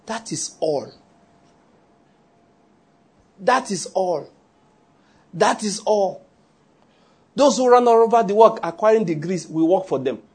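A Nigerian man preaching in a loose, joking way, slipping into Pidgin now and then. His voice sits a little high for a man and has a husky, breathy grain. It sounds like a pastor talking straight to his congregation. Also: a little mellow. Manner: humorous, conversational preaching with Pidgin asides. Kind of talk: sermon.

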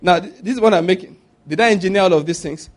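A middle-aged pastor with a Nigerian accent preaches a sermon, animated and laughing at his own stories. His voice is high and he talks fast.

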